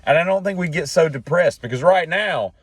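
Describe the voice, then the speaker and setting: This podcast host has a slightly high, husky voice and speaks fairly quickly. Alone at the mic, he jumps between joking tangents with a folksy, rambling charm.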